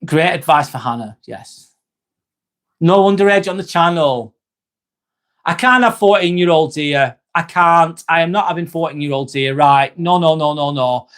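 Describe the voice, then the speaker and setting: Guy on a live stream, slightly high voice, earnest, keeps repeating himself, calls folks mate. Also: normal speed, fairly bright tone. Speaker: live-stream host reading viewer comments. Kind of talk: casual live-stream chat.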